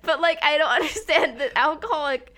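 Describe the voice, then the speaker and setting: A woman co-hosting a podcast in casual comedic chat, teasing and deadpan, laughing often. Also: high voice, a little fast. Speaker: podcast co-host.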